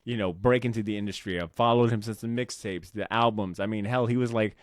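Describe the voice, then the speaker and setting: A man co-hosting a comics podcast, talking in a rambling, animated way with lots of fillers and casual swearing. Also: lowish voice, a little fast, no echo. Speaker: podcast co-host. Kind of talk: casual chat about comics.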